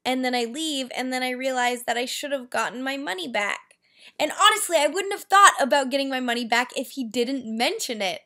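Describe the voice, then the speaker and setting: A woman with a fairly high voice speaks straight to camera in a casual vlog. She vents about her day with exasperated groans and swings between heated and laughing moments. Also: brisk. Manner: animated, exasperated venting with groans. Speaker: vlogger.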